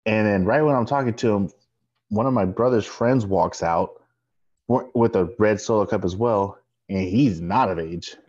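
A man with a low voice tells a story in relaxed chat, animatedly playing out both sides of a conversation. The recording sounds dull and lo-fi. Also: moderate pace. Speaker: podcast co-host.

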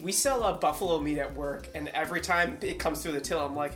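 A woman co-hosting a casual podcast, blunt and quick to laugh. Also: sits low, faint music behind. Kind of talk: casual chat.

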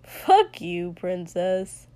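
A woman reading the lines of a reckless, crude and teasing young man, blunt and gruff. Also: lowish voice, big pitch swings, drawn-out words, mellow, pitched below the performer's own voice, full character voice. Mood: brash teasing.

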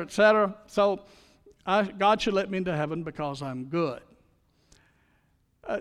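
A man's voice: high voice, a bit bright, smooth, big-room sound. A man preaching a sermon as pastor, in a folksy, storytelling manner.

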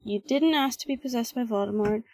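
A woman voicing a kind young boy wizard, speaking with soft, pleading reassurance. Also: on the high side, a little fast, slightly rough, no room sound. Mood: reassuring.

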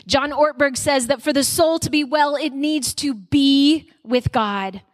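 A woman speaker giving a conversational sermon to mothers at a conference, telling personal stories with animated delivery. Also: high voice, unhurried, no echo. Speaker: mother of young children.

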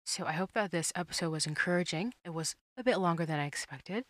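A woman's voice: fairly low pitch, fast talker, no room sound, clean studio sound. A young woman hosting her own faith podcast, talking in a chatty, rambling and earnest way. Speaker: podcast host. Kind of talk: solo faith podcast monologue.

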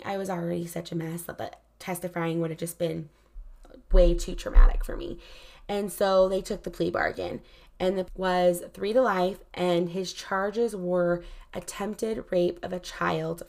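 Woman, casual storytelling, low voice, lots of vocal fry, candid, filler-heavy. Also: a little mellow. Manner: frequent "like" fillers, candid and emotional.

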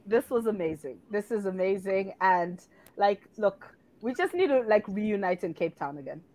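A woman's voice: medium pitch, expressive, moderate pace, a little mellow, dry recording, rough recording. A woman, a podcast guest who talks emphatically and repeats phrases playfully. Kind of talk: casual interview chat.

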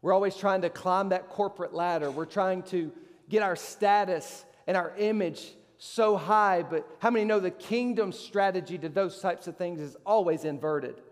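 A man's voice: high-pitched, normal speed, long reverb tail. A man preaching a sermon as pastor, emphatic, his voice leaping up on rhetorical questions.

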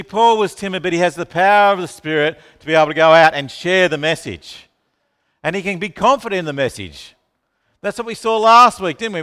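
In a hall with long reverb, a man with a slightly high, clean-toned voice preaches a sermon. He is animated, firing questions at the congregation and calling on listeners by name.

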